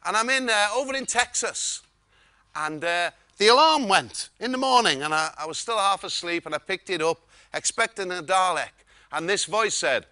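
A man spins stories from a stage, chatty and quick to chuckle. His voice is high and bright, and the sound is dry and close. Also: no room sound. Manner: lively, chuckling, conversational. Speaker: keynote speaker. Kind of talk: storytelling keynote talk.

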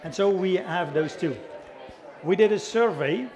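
A man's voice: sits high, a little slow, a little mellow. A middle-aged man with a Dutch accent giving a chatty conference talk, asking the audience questions and joking about himself. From the Netherlands. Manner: chatty, self-deprecating, engages audience with questions. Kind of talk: conference presentation. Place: conference hall.

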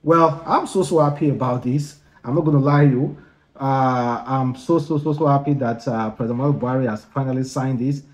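Man, mid-pitched, casual news vlogger. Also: a little fast, darkish tone. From Nigeria. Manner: chatty, with frequent uh fillers. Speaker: YouTube news host. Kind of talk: casual vlog commentary.

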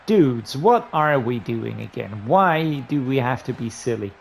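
A man giving gameplay commentary on a football video game, muttering low between plays and breaking into loud, frustrated outbursts. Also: expressive, measured pace, gravelly, slight background noise. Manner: frustrated, ranting and swearing at the game. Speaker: gaming YouTuber.

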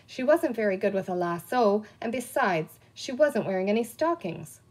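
A woman's voice: medium pitch, normal speed, husky. A woman reading a children's book aloud, telling it expressively. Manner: expressive storytelling. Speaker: reader.

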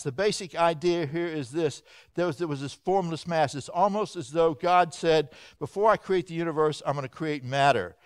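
A man who is a pastor, giving an evening Bible lecture to his church in a folksy, animated way, swinging from loud to hushed. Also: a little high, normal speed, clear, resonant tone, no echo. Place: church hall.

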